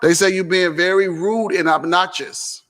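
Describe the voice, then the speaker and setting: A man's voice: high voice, steady tone, moderate pace, fairly bright tone, long reverb tail. A man hosting a casual vlog and Q&A at home, teasing and laughing, then explaining things plainly. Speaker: host.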